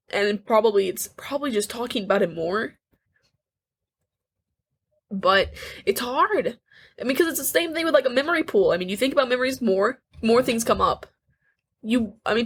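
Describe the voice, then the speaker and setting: An eighteen-year-old woman talks through a candid podcast chat with a slightly high, husky voice. She speaks earnestly but haltingly, restarting her sentences and slipping in nervous little laughs. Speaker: podcast co-host.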